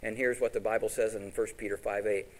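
A man preaching a sermon, telling animated stories and asking his congregation rhetorical questions. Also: on the low side, quick pace, low-quality recording.

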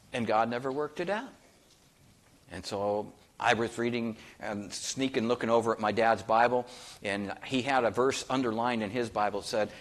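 A middle-aged man from North Dakota preaching a sermon, folksy and conversational, with an everyday mid-range voice. He swings from quiet asides up to loud, emphatic questions for the congregation. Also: mid-range voice. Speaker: pastor.

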